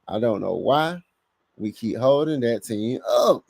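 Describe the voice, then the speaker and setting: A man with a voice of middle pitch hosts a loose live sports stream. He reads viewer comments aloud and answers them, swinging up into louder, emphatic bursts. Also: measured pace, creaky, no echo. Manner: animated, talks to chat, bursts of louder emphasis. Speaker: podcast host reading live chat.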